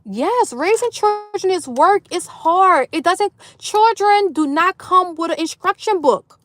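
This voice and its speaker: A middle-aged woman from New Orleans with a New Orleans accent, chatting loudly and animatedly with viewers on her livestream. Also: very high voice, unhurried. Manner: loud, animated Southern talk with lively swings. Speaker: livestream host. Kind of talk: casual chat reading viewer comments.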